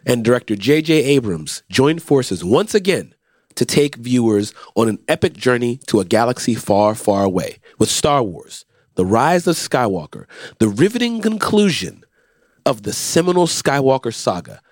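A man with a raspy voice co-hosting a podcast in casual, teasing chat. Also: mid-range voice, big pitch swings, moderate pace, dry recording, clean studio sound. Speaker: podcast co-host.

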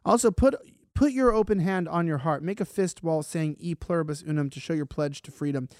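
A man co-hosting a casual online talk show, joking fast and cutting in. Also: fairly high pitch, darkish tone, no room sound, studio quality. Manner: rapid, jokey, interrupting. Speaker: co-host. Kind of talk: casual chat.

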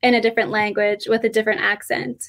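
Woman from Canada, country singer guest, earnest, thoughtful, mid-pitched voice. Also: little pitch movement, quick pace. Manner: earnest, thoughtful, with soft laughs. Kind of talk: casual interview answers.

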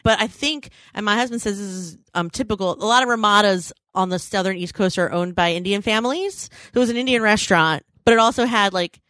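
A woman in her thirties co-hosting a podcast, telling a rambling story in casual chat, full of "like" fillers and quick self-corrections. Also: medium pitch, a bit bright, no room sound. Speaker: podcast co-host.

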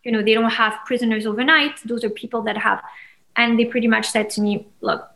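Animated woman telling her story. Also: fairly high pitch, brisk, poor audio. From France. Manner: animated, acts out quoted voices with sudden loud peaks. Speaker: interview guest. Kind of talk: emotional personal storytelling.

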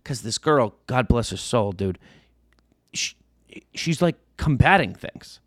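Slow and mid-range, this thirtysomething man's voice comes through a dry, clean studio recording. As a podcast co-host, he spins a casual yarn with lively delivery, imitating the people he overheard.

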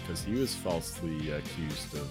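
A man's voice: a bass voice, fairly quick, music in the background. A man co-hosting a podcast in casual sports betting chat, with joking, rambling banter. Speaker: podcast co-host.

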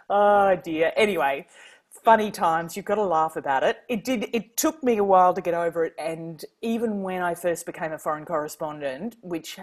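A woman from Queensland, an author and former foreign correspondent, telling animated anecdotes in an interview and laughing often. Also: fairly low pitch, moderate pace. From Queensland, Australia. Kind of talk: interview storytelling.

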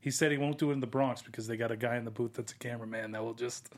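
A man co-hosting a casual sports chat, loose and chatty, often acting out players' lines in a higher voice. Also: rapid-fire. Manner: animated, acts out players' quotes in higher voices. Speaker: podcast co-host.

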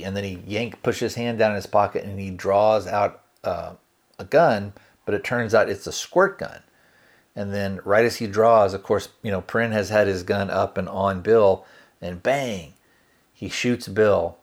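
A man's voice: low voice, normal speed. A man hosting a podcast, loosely retelling a film's scenes and quoting the characters in his own voice, with plenty of kinda and you know. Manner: relaxed, hedging with fillers like kinda and you know. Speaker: podcast host reviewing a film. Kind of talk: casual spoken movie recap.

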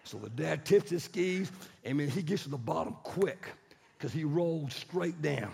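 A man with a raspy, gravelly voice delivers a sermon as a story. He swings between loud bursts and hushed passages, pitched slightly high. A long hall reverb hangs on every word. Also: lively intonation, moderate pace.

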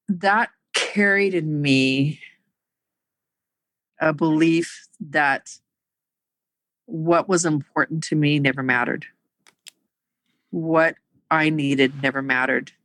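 Halting, earnest middle-aged woman. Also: low-pitched, creaky, a bit bright, dry recording, low-quality recording. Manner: halting, with many pauses and fillers; earnest and emotional. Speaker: woman sharing her life story. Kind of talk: personal storytelling.

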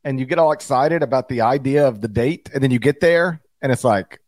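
A man's voice: mid-range voice, brisk, darkish tone, no echo. A man co-hosting a college basketball podcast, bantering playfully in casual chat. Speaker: podcast co-host.

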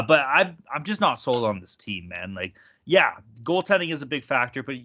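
A man's voice: mid-range voice, sharp tone. A man hosting a casual sports betting podcast, laughing often and swearing freely. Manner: laughing, profane, upbeat. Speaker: podcast host. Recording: dull lo-fi sound.

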